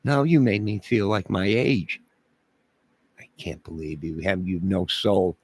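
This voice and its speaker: A deep-voiced man hosting a livestream, trading jokes with his chat in a mock-offended tone. He talks slowly and lets each line drag out, as if playing up his outrage for viewers. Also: breathy edge, dry recording. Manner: mock-indignant joking, talking back to chat.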